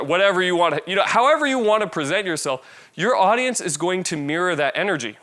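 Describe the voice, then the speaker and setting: With a high voice and a quick pace, this man delivers an animated, informal talk about presenting and body language, chatting casually while showing off varying levels of energy.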